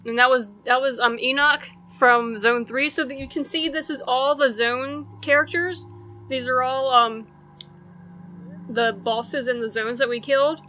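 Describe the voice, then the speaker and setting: A woman's voice: high-pitched, fairly even intonation, a little slow, pushed and bright, a little hiss or hum. A woman casually commentating on a game as she plays, chatty and thinking aloud. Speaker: let's play host.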